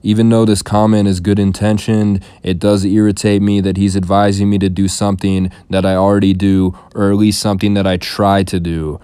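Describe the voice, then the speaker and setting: A man hosting a commentary channel, reading viewer comments aloud and answering them in a dry, deadpan way. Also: lowish voice, brisk, hardly any pauses, clean tone, dry recording. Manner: deadpan, dry monotone delivery. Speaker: YouTube commentary host.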